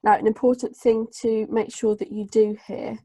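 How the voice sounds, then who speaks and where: A woman tutor, running a live online group lesson and dictating analysis slowly with many fillers. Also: a little high, flat delivery, mellow, breathy edge, dry recording. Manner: slow, hesitant dictation with many fillers while writing. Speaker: English tutor.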